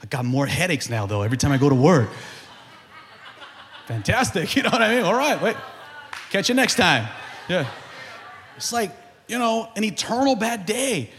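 A man preaching a sermon as pastor, animated and building to shouts, in a large church hall. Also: sits high, moderate pace, long pauses, a little hiss or hum.

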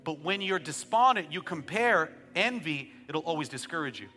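High, bright-voiced preaching pastor. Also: male voice, expressive, moderate pace, long reverb tail, soft background music. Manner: preaching, rising to shouted praise; joking asides, conversational storytelling. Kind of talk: sermon.

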